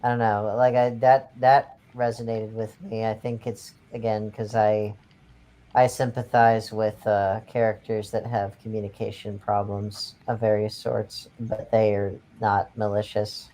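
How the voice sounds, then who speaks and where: A man on a discussion panel, soft-spoken and reflective. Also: fairly low pitch, flat delivery, unhurried. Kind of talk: casual group chat.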